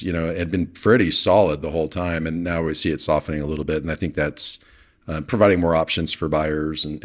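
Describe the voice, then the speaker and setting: Male podcast host, very deep voice, easygoing, explains numbers plainly. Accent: Northern Californian. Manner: relaxed, laughs easily, explains market data. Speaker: real estate podcast host. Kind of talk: casual podcast chat.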